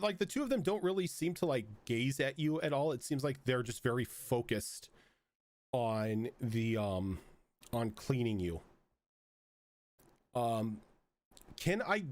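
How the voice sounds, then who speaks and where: Game master man, mid pitch, rambling narration with lots of fillers. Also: a little mellow.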